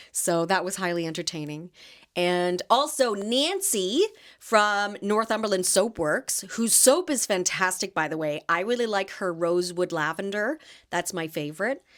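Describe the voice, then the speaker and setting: A chatty woman in her thirties, host of a small podcast, tells stories in a loose, animated way. She strings her thoughts together with plenty of fillers. Her voice sits at a middle pitch. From Canada. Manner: chatty, animated storytelling with laughs and many "like" fillers. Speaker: podcast host and market vendor. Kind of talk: casual chat.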